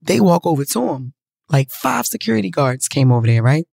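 A woman telling a story to her viewers in a casual, profane, animated way. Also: sits low, brisk, gravelly, breathy edge, no echo.

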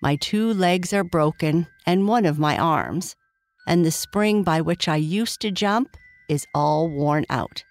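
A woman's voice: on the low side, slow pace, dry recording. A woman voicing a weary, sad old male jumping jack toy in a children's story.

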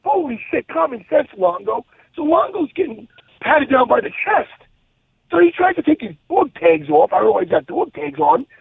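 A man hosting a podcast, telling a story in a casual, animated and profane way and laughing at his own story. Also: very high-pitched, moderate pace, gravelly, no room sound. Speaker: podcast co-host. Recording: tinny, phone-like dry sound.

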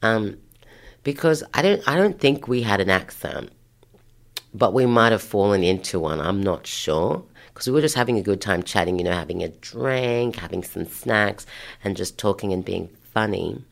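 A woman chatting as an interview guest, telling stories with lively acted-out voices. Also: very deep voice, normal speed, gravelly. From Australia, of Haitian parents. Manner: lively storyteller who acts out voices. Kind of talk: casual interview chat.

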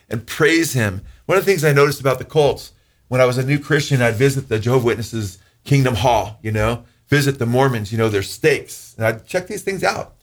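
A pastor preaching to his congregation in an earnest, conversational way. His voice climbs sharply when he stresses a point. He slows down for scripture passages. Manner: earnest, rises in pitch for emphasis, slows when reading scripture. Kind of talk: sermon teaching.

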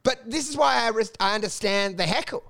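A young man co-hosting a comedy podcast, telling stories in animated bursts, acting out quotes with big jumps in pitch, laughing often. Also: fairly quick, vocal fry, a little hiss or hum. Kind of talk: casual podcast banter.

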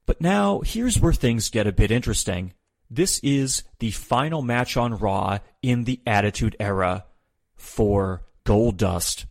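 A man's voice: lowish voice, no room sound. A man hosting a podcast, recapping old wrestling shows from a script with sardonic, opinionated asides. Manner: sardonic, dry sarcasm.

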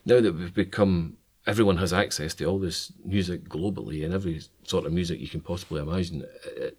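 A man's voice: low-pitched, quick pace, husky. A man in an interview, easygoing, with many fillers and stuttered starts. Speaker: music interviewee. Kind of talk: casual interview talk.

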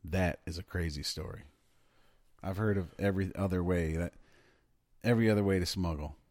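Fairly quick and deep, with a darkish tone, this podcast co-host chats casually about the news, cursing and laughing frequently. The recording is dry and studio quality.

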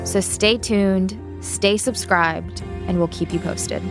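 A woman host reads a sincere, measured thank-you to her podcast's listeners. Faint music plays under her words. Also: medium pitch, steady tone. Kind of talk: scripted podcast outro.

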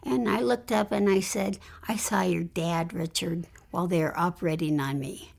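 Woman, husky, slightly gravelly, earnest testimony, hushed whispers. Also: lowish voice, fairly even intonation, moderate pace. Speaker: guest telling her near-death story. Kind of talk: personal testimony in an interview.

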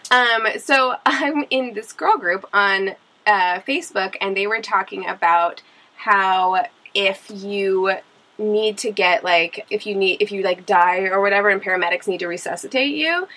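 Bright-voiced woman, chatty podcast host. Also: mid-range voice, a little slow, poor audio. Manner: chatty, lots of fillers, reads quotes aloud. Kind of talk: casual chat.

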